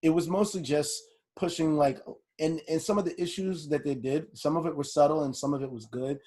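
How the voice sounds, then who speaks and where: A man co-hosting a podcast, telling animated, profane stories in casual chat. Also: on the high side, brisk. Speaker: podcast co-host.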